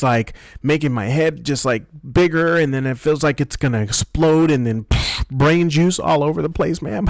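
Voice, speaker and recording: A young man ranting casually about a video game, profane and excitable, rambling and restarting his sentences. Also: medium pitch, no room sound. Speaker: gaming video host.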